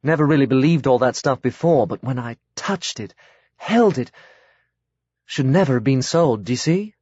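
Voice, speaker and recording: A man's voice: medium pitch, animated, moderate pace, darkish tone, husky, no echo. A man voicing a brusque, aloof older upper-class woman who talks in clipped sentences. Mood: curt. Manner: clipped, drops subjects from sentences. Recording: dry, slightly dull audiobook recording.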